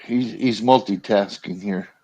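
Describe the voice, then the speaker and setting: A man's voice: lowish voice, a little slow, dark tone, lo-fi sound. A man in a casual group chat, teasing the others with dry humor.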